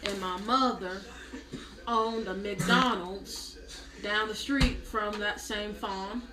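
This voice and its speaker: A woman with a mid-range voice delivers a comic monologue slowly, spinning a spoiled, self-pitying tale with a completely straight face. Her deadpan exaggeration and mock self-pity make it a mock-dramatic comedy piece. The recording has a roomy echo and heavy background noise.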